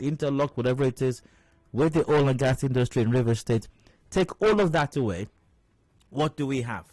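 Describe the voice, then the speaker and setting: A man's voice: mid-range voice, a little mellow, dry recording. A man hosting a talk radio show, making wry, rhetorical commentary and repeating phrases for emphasis. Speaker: radio host. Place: radio studio.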